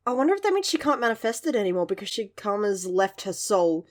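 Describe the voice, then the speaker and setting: A woman's voice: mid-range voice, moderate pace. Giggly young woman gushing over manga. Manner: gushing, giggly, animated asides. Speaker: manga reviewer. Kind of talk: casual chat.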